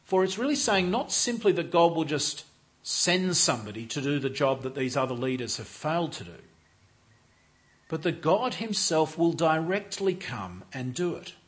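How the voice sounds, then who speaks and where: A man leading a church, giving an expository Bible sermon in a measured, deliberate way and stressing key words. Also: a little high, animated. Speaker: church leader.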